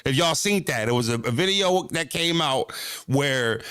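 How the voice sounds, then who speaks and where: Animated streamer man, dry close mic. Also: mid-range voice, normal speed, smooth, dry recording. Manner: animated, profane street slang, talks back to chat. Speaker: streamer reacting to chat. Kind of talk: casual livestream talk.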